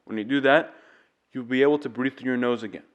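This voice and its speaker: A man's voice: mid-range voice, fairly even intonation, fast talker, highs cut off. A man teaching singing, explaining vocal tips step by step in an earnest, demonstrative way. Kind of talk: casual vocal tutorial.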